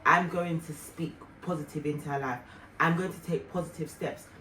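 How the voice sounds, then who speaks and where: A woman vlogger and mother telling a heartfelt personal story in an earnest, reflective way, with soft fillers. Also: low-pitched, steady tone, moderate pace. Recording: roomy, distant mic, faint noise.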